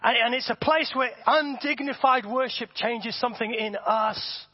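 A man preaching a sermon to his congregation, animated and often repeating words as he builds his points. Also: very high-pitched, moderate pace, breathy edge, no room sound. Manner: animated, repeats words, acts out voices for effect. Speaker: pastor. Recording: dull, dry sound.

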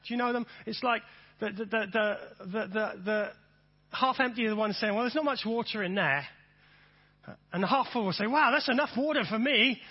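A man preaching a sermon, repeating phrases and swinging from soft to emphatic. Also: high voice, moderate pace, husky, muffled recording. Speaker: pastor.

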